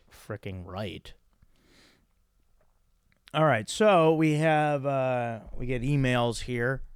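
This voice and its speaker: Male podcast host, smooth resonant voice, rambling casual chat, dry close sound. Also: medium pitch, dry recording. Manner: rambling, hesitant, many fillers.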